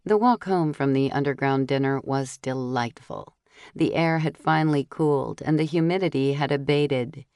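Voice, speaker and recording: A woman with a notably low, deep voice reads a first-person mystery audiobook. She tells the story in a steady, clear way and voices the other characters' lines. The recording is close and dry, with no room sound. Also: dry recording. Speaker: audiobook narrator.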